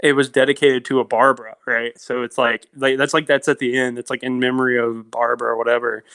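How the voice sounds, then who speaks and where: A man's voice: mid-range voice, fast, clean tone. A man co-hosting a podcast, casually talking through movie scenes with lots of fillers and laughs. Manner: animated retelling of scenes, frequent likes and laughs. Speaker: podcast co-host. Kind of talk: casual film discussion.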